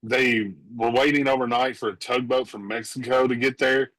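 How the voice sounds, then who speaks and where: A man's voice: mid-range voice, steady tone, normal speed, a bit bright, dry recording, low-quality recording. A man chatting casually as a guest on a podcast, easygoing and agreeable. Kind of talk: casual chat.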